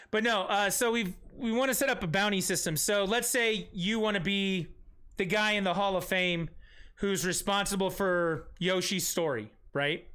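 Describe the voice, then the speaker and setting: A man's voice: high voice, bright, forceful tone, clear, resonant tone. A man hosting a live stream in casual chat, rambling with profane, self-mocking asides. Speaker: stream host.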